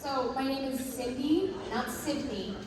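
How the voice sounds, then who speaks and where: Slow-speaking woman asking from the crowd. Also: high-pitched. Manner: friendly, hesitant, laughs a little. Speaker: audience member asking a question. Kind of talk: fan Q&A at a panel. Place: convention hall with crowd. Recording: echoey hall, voice from far off, crowd noise.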